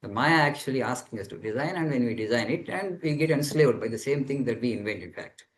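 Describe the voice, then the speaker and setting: An expressive, fast-talking monk with a medium-pitched voice teaches students over a video call, answering their questions. He explains earnestly and repeats phrases in search of words, on a low-quality recording.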